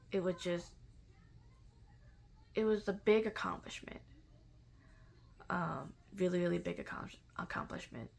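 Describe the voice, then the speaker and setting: A woman recounts a personal experience in a relaxed, unhurried way, pausing often and restarting her sentences. Her voice sits a little low and carries a strong rough, creaky texture. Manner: halting and reflective, with many fillers and restarts. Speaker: vlogger sharing a personal spiritual story. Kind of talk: casual personal storytelling.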